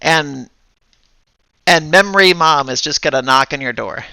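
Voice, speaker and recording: A man narrating a tabletop game as game master, halting and thinking aloud as he goes. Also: on the high side, creaky, pushed and bright, clean tone, dry recording.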